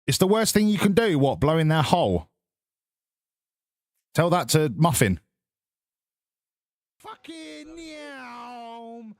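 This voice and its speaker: A man's voice: fairly high pitch, sing-song, moderate pace, long pauses, no room sound, studio quality. A man, chatting casually with his viewers on a live stream in sarcastic, sweary, mock-lecturing rants.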